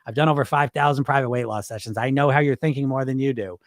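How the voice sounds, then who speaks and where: A middle-aged man hosting a weight loss podcast, talking in a blunt, profane, animated way. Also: medium pitch, fast talker, no room sound, clean studio sound. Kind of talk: casual podcast talk.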